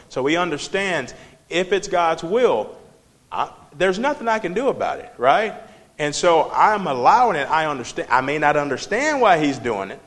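A man's voice: mid-range voice, fairly bright tone. A man leading a Bible study class, talking it through in an emphatic, conversational way and putting questions to the group. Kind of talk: preaching Bible study lesson. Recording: long hall reverb.

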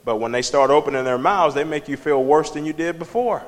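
A man's voice: fairly high pitch, fairly quick. Male Bible study teacher, emphatic and conversational, quizzing the class, with a long hall echo. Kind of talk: preaching Bible study lesson.

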